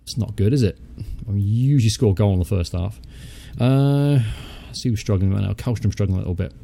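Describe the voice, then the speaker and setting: Young male let's-play host, low-ish mellow tone, chatty, mutters and swears offhand. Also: a little fast, creaky. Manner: chatty, thinks aloud, mutters and swears casually. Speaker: gaming channel host. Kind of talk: casual let's-play commentary.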